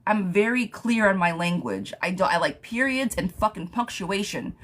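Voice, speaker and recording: A woman's voice: mid-range voice, big pitch swings, moderate pace, a bit bright. A young adult woman giving a casual live tarot reading, chatty, laughing often and swearing lightly. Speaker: tarot reader. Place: home, streaming live.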